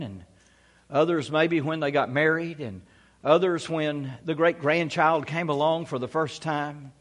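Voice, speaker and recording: A male pastor preaching a sermon to his congregation in a folksy way, often saying "Amen.". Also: fairly high pitch. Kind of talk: sermon with a humorous story. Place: church sanctuary.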